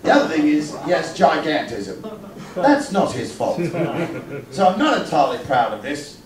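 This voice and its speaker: A man's voice: fairly high pitch, big pitch swings, normal speed, echoey room, recorded from a distance, crowd noise. A man telling a stand-up story, swearing, mocking himself and laughing along. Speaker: stand-up comedian.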